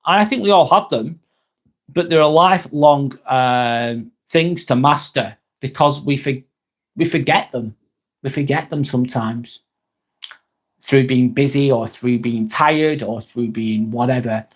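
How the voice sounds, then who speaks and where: A man's voice: mid-range voice, a little slow. Man, English accent, livestream host, casual motivational talk, reflective, repetitive, occasional swearing.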